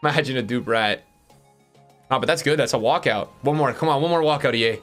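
A male streamer giving live-stream commentary to his chat, excitable and swinging between hype and letdown with plenty of fillers. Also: mid-range voice, fairly quick, faint music behind. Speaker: streamer opening game packs.

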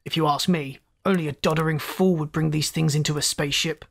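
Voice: mid-range voice, fairly even intonation, a little fast, gravelly. A storyteller voicing a hot-tempered male chief engineer in an audiobook, roaring and snapping orders. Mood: gruff.

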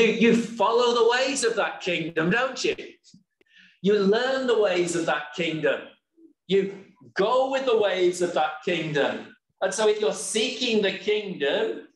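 A man preaching a sermon in a church, slow and emphatic, often asking rhetorical questions. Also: high-pitched. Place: church hall. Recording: echoey church hall.

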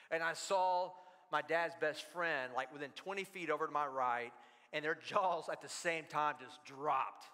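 High bright-voiced pastor in a reverberant hall. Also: male voice. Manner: animated, storytelling, repeats words when worked up. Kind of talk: sermon. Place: church sanctuary. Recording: long reverb of a church hall.

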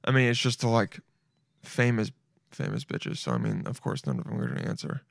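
A man's voice: low voice, very animated, brisk, vocal fry, dry recording, studio quality. A young man hosting a podcast, riffing casually and animatedly, laughing often and slipping in slang like "dude". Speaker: podcast host. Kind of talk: casual solo podcast riff.

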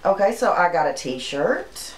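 Slow-talking woman showing off a haul. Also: lowish voice, big pitch swings, roomy sound, slight background noise, low-quality recording. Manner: chatty, homey, shows items to camera. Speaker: channel host. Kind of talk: casual shopping haul chat.

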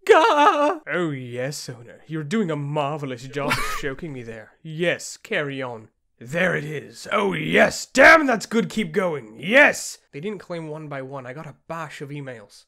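A man's voice: fairly high pitch, sing-song, unhurried, gravelly, heavily acted. A man doing a hammy YouTuber impression. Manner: theatrical, shouty outbursts. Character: impression of a male YouTuber, overacted. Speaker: hired voice actor.

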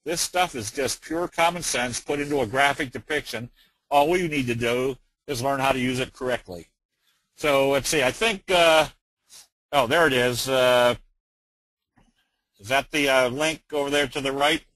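A middle-aged man presenting a trading webinar, plain-spoken and folksy, with frequent filler pauses. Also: mid-range voice, a bit bright, dry recording, low-quality recording. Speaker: trading educator.

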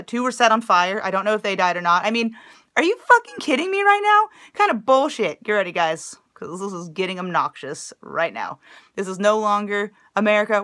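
A woman's voice: medium pitch, sharp tone. A woman vlogger ranting in angry, profane, sarcastic commentary.

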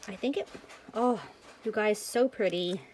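A woman vlogger chatting excitedly to viewers as she unboxes a package of craft supplies. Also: medium pitch, measured pace, a little hiss or hum. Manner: gushing, excitable, addresses viewers as you guys. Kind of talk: casual unboxing chat.

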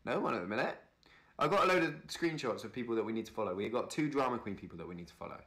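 A man's voice: medium pitch, expressive, very fast, a bit bright. Chatty man on a livestream. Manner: reads out viewer names and thanks them, chatty and upbeat. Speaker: livestream host. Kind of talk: casual livestream chat.

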